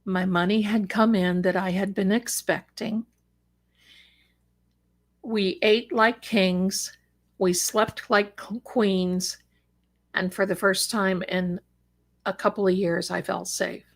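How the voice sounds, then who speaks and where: A woman's voice: medium pitch, fairly even intonation, slow pace, long pauses. A middle-aged woman hosting a live psychic show, telling a personal story with dramatic flair and wry asides.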